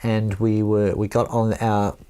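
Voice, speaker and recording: A man's voice: lowish voice, flat delivery, unhurried, mellow, clean tone. A Welsh man from Wales telling a rambling story in casual chat, laughing often and swearing now and then.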